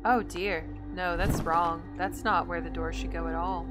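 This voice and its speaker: A woman's voice: lowish voice, fairly even intonation, moderate pace, over music. A woman hosting a gameplay video, chatting and thinking aloud in an indecisive, casual way. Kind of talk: casual let's-play commentary.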